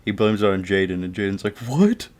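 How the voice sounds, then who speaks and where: A man's voice: deep voice, flat delivery, fast talker. A man casually telling a funny story from his school days, loose and profane, laughing along. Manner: loose and profane, chuckling through the tale.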